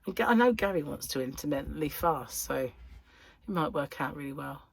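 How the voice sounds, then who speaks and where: A woman's voice: sits low, lively intonation, a little fast, creaky, husky, dry recording. A middle-aged woman, chatting casually and rambling as a crochet vlogger, full of giggly asides. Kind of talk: casual chat.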